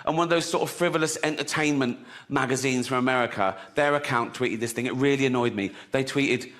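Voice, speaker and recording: A man's voice: mid-range voice, fairly quick, fairly bright tone, in a large hall. A man doing a stand-up comedy routine, chatty, full of rambling asides and "you know what I mean".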